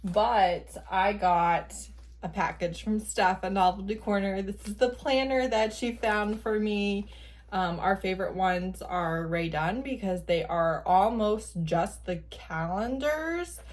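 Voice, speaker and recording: A woman casually vlogging at home, gushing excitedly and laughing often while unboxing a gift. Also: medium pitch. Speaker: book vlogger. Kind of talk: casual day-in-the-life vlog. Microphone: camera at an odd angle without tripod.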